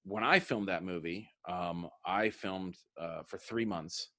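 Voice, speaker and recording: A man in his thirties with a lowish voice tells loose, rambling stories from his career in easy interview talk. He keeps slipping into the voices of the people he quotes, circling back with repeated words as he goes. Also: slow pace, sharp tone. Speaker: comedian guest. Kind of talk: casual interview chat.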